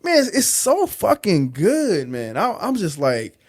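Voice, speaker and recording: Animated, lively male podcast co-host. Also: high-pitched. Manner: animated, profane, halting restarts. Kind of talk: casual TV review chat.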